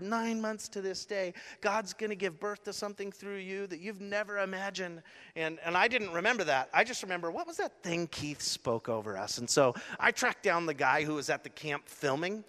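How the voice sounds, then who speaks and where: A man's voice: on the high side, sharp tone. A middle-aged man preaching a sermon as a pastor, telling a story animatedly with lots of casual fillers. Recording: long hall reverb.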